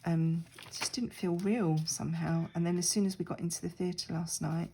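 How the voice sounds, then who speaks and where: Chatty and self-deprecating, a middle-aged crafting vlogger rambles a little as she works on a craft. She speaks at a moderate pace with a fairly low, mellow voice and fairly even intonation. The audio is poor, with slight background noise.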